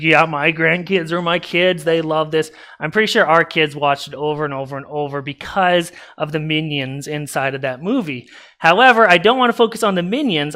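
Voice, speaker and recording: A man's voice: fairly high pitch, bright, forceful tone. A man preaching a casual sermon in a church, animatedly retelling a movie plot with asides to the congregation. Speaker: pastor. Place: church sanctuary.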